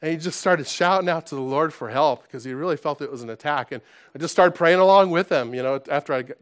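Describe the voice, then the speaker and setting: A man preaching a sermon to his congregation, conversational and animated, dropping to soft asides and rising to loud exclaims, with frequent restarts. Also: on the high side, fast talker. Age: adult, past college. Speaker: pastor.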